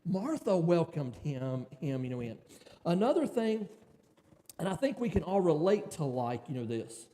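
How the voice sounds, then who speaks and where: High-voiced man preaching in a hall. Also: big pitch swings, moderate pace, dark tone, a little hiss or hum. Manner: conversational, many restarts and "you know" fillers. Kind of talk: sermon. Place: church.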